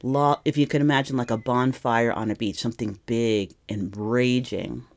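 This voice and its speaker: A woman's voice: extremely low pitch, fairly even intonation, normal speed. A woman giving a casual tarot reading to camera, rambling and emotional, often correcting herself mid-sentence. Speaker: tarot reader.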